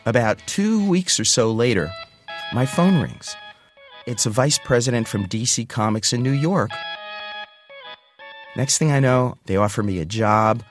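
A man in his sixties from the United States telling a first-person story, animated and acting out the voices of the people he quotes. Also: mid-range voice, measured pace, long pauses. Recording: guitar music underneath.

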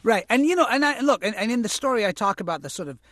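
A man being interviewed about his acting career, talking reflectively and correcting himself as he goes, turning lively when he tells stories. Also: extremely high pitch, quick pace, no room sound, clean studio sound. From United States, immigrant family. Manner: thoughtful, self-correcting, animated when recounting stories. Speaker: interview guest, actor and author.

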